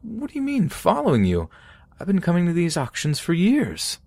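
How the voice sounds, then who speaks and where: A man voicing a creepy elderly male stalker who talks in a quiet monotone. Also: medium pitch, moderate pace, dry recording, clean studio sound, pitched above the performer's own voice. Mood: defensive.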